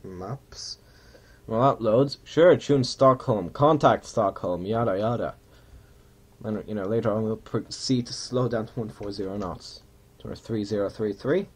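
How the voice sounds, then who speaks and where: A man's voice: on the low side, a little slow, breathy edge. A man giving casual, rambling commentary while playing a flight simulator. He mutters and mocks himself, and now and then slips into mock pilot announcements.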